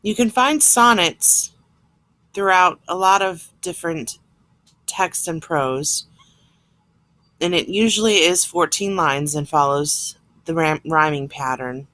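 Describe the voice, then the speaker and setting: A woman's voice: fairly low pitch, slow pace, pushed and bright, no room sound. A woman teacher explaining a lesson plainly, step by step, recorded on a computer mic. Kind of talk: classroom lesson recorded on screen.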